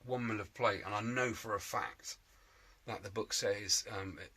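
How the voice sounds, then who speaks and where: A man's voice: on the low side, moderate pace, bright, forceful tone, breathy edge. A man with a chatty, jokey, self-mocking manner, talking casually to camera as he works in his home shed restoring a scooter. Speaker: motorbike restoration vlogger.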